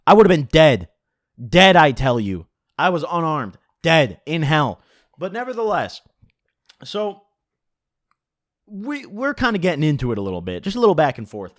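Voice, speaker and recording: A young man tells a story for his vlog with animated, profane humor. His pitch is a bit high and swings a lot from line to line. The sound is dry and close to the mic. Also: normal speed, long pauses, dry recording. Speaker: vlogger.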